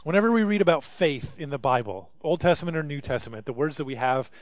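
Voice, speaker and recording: A man preaching with a notably high voice. His delivery is impassioned, swelling into loud pleas and sinking to near hushes. The sound is close and dry, with no room around it. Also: lively intonation, quick pace, dry recording. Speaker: pastor. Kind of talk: sermon.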